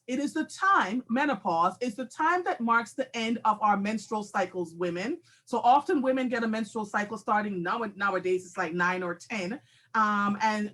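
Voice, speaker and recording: A woman in her forties hosting a live talk show, telling a candid, animated personal story with frequent laughter. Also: mid-range voice. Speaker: host.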